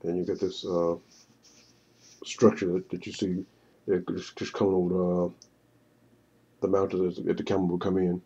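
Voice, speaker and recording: A man narrating a walkthrough of his own screenplay storyboard, halting and often repeating words. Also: deep voice, monotone, dark tone, husky, highs cut off. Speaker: writer pitching his screenplay.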